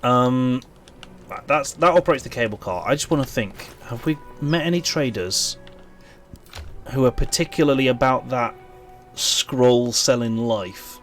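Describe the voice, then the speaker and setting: A Welsh man talks casually to his stream audience while playing, thinking aloud and wandering between topics. His voice sits at a middling pitch, and he fills the pauses with ums and restarts. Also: a bit bright, soft background music. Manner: chatty, rambling, thinks aloud with many ums. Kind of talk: casual live-stream chat while gaming.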